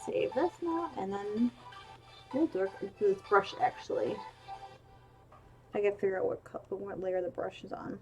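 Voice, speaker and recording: A woman's voice: mid-range voice, fairly even intonation, normal speed, long pauses, lo-fi sound, faint music behind. A woman streamer chatting casually while she draws, rambling along with lots of ums and restarts. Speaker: streamer drawing emotes. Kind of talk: casual chat while drawing.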